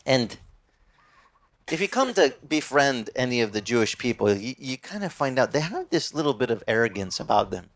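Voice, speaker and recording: A man preaching a sermon in an animated, conversational way with frequent restarts. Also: mid-range voice, moderate pace. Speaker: pastor.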